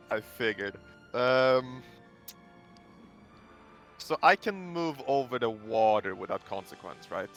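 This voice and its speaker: Male player from Sweden, unhurried and bright, lively questioning delivery at a tabletop game. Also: medium pitch, faint music behind. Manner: hesitant, asks many rules questions. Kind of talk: casual tabletop game chat.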